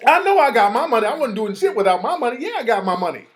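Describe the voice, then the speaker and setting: A man hosting his own show, talking off the cuff in a heated, profane rant. His pitch jumps around a lot as he reacts to the messages he reads out. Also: sing-song, quick pace. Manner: profane, heated, reading texts aloud. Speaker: show host. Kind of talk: casual live rant.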